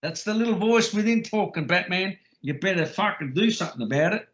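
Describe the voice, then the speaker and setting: A man's voice: high voice, expressive, a little fast, fairly bright tone, muffled recording. A man on a voice call, arguing in a mocking, profane, sarcastic way. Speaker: caller on a group call. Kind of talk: heated argument on a voice call.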